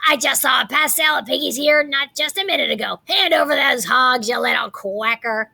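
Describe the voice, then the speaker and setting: A woman doing a screeching, gravelly old witch. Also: high voice, normal speed, full character voice. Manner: screeches, shouts insults, hungry for pork. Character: cranky greedy old witch, screeching and bossy.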